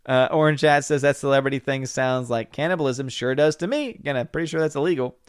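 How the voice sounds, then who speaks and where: A young man hosting a livestream, reading viewer comments aloud and answering them with laughs and quick retorts. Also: mid-range voice, clean tone, no echo, studio quality. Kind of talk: casual livestream chat.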